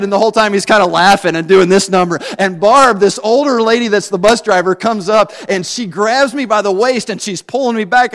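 Animated preaching man in a reverberant hall. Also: high voice. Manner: animated, swings from soft asides to loud bursts. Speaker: pastor. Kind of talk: sermon storytelling.

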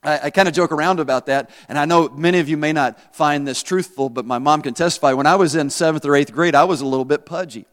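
A man's voice: fairly high pitch, fast, hardly any pauses, a bit bright. A male pastor giving a conversational sermon in church, asking the congregation questions and joking at his own expense. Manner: conversational, asks the congregation questions, self-deprecating humor. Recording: long reverb in a church hall.

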